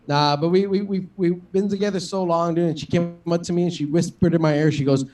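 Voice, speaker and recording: A man's voice: high voice, quick pace, dark tone, far from the mic. A man doing a stand-up comedy set, rambling and profane, full of fillers and self-deprecating jokes. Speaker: stand-up comic.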